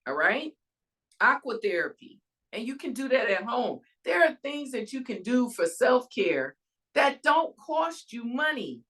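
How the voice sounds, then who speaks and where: A woman hosting her own show, giving an animated faith-based talk on soul care and self-care. She calls her listeners y'all and checks in with them, asking "all right?". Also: on the high side. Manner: emphatic, preacher-like cadence. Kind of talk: casual inspirational talk.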